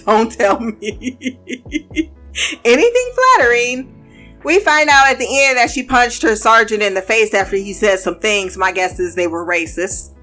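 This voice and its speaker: A woman reviewing a TV episode in casual reaction commentary, animated and laughing often between playful asides. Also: medium pitch.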